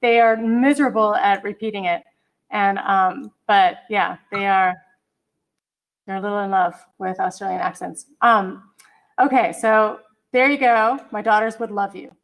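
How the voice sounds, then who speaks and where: A middle-aged woman with a mid-range voice teaches an online college English class through a computer mic on a video call. Her intonation stays fairly even and she's unhurried, chatty and apologetic, humming to herself while she hunts for files.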